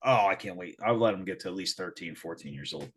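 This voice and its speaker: A man's voice: low-pitched, fast, fairly bright tone, husky. A man co-hosting a podcast, telling a crude story in casual chat, laughing often and acting out the quotes. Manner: laughing, profane, acts out quotes. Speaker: podcast co-host.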